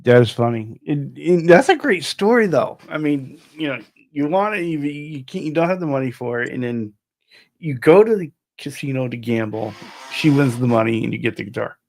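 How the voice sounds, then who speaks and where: Gravelly man hosting a casual chat. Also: mid-range voice, expressive, normal speed, darkish tone. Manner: encouraging listener, short reactions, reads chat comments. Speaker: host.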